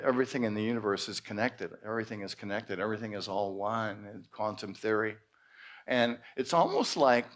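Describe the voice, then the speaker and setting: A male minister preaching at a church service in an expressive way with playful exclamations. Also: mid-range voice. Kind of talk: sermon.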